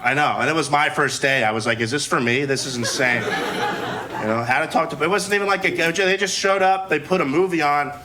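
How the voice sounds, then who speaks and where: A man in his twenties from Newark, New Jersey does a loose, laughing stand-up set full of playful swearing at a live comedy venue. His voice is fairly high and brisk, with a crowd audible behind him.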